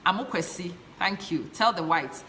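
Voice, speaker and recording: A Ghanaian woman with a Ghanaian accent passionately hosts a live stream, chatting and reading viewer comments in a mix of English and Twi. Her voice is lowish, animated, moderately paced and sharp, with a little hiss or hum.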